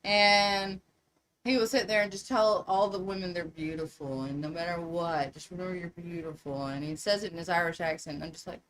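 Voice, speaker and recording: Animated Southern woman hosting a live chat. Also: on the low side, a little fast, slight background noise, poor audio. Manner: animated, laughs often, greets viewers. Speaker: livestream host.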